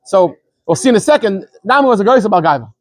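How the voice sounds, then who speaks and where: A man, a rabbi, giving an informal Torah lesson, explaining quickly and animatedly, often stumbling and repeating words as he goes. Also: sits high, sing-song, no room sound. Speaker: rabbi teaching a daily scripture class.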